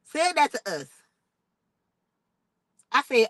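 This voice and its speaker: Animated young woman telling a story. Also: on the high side, fairly quick, long pauses, no echo, poor audio. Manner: animated, expressive retelling with outraged quoted asides. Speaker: vlogger. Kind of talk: casual storytime vlog.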